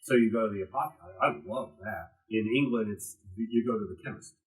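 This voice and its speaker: A man with a slightly low voice lectures a class in a gallery room, swinging his emphasis up and down as he goes. He keeps a loose, conversational tone with plenty of asides to the audience. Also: fast talker, poor audio. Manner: animated, strongly varied emphasis, conversational asides. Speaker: class teacher.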